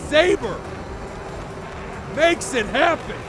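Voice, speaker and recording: High-pitched excitable male game commentator. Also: takes it slowly, music in the background. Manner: excitable, shouts at big moments, swears freely. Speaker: esports commentator. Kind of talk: live play-by-play commentary.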